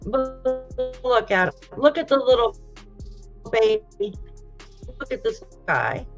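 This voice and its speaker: Woman, true crime host; sympathetic, tearful-edged, unhurried delivery, dull recording. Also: fairly high pitch, expressive, soft background music. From United States. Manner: emotional, sympathetic, softly exclaiming. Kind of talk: casual live-stream commentary, reading viewer comments.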